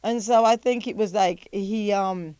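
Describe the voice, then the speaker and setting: Older English-accented woman, lively storyteller, dry close sound, easy to cast as a guest reminiscing. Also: medium pitch, measured pace, smooth, no echo. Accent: British. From England. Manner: animated storytelling, laughs often. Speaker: podcast guest, pastor. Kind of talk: casual chat.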